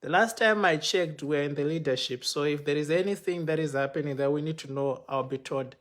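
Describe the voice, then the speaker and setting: Speaking live from home through his phone's microphone, a male pastor shares an unplanned personal story. His pitch is slightly above the typical male range, and his retelling is animated: he performs each quoted exchange, his voice climbing and speeding up for other people's lines.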